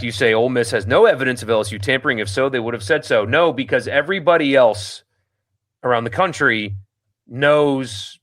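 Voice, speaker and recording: A sports radio host reads listener comments aloud and answers them bluntly, with plenty of ums and restarts. His voice is mid-range and a bit bright.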